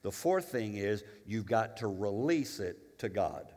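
A male pastor preaching a sermon, animated and emphatic, with humorous asides and storytelling. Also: lowish voice, measured pace, big-room sound.

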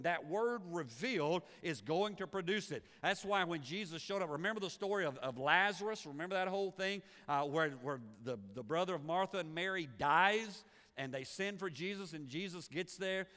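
A man preaching a sermon as pastor, animated and repeating words as he builds each point. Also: a little high. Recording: long hall reverb.

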